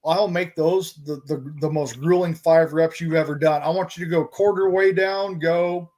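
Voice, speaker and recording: Man, podcast host, blunt and profane, a bit higher-pitched. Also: fairly even intonation, moderate pace, darkish tone. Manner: blunt, profane, explains army terms. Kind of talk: casual chat.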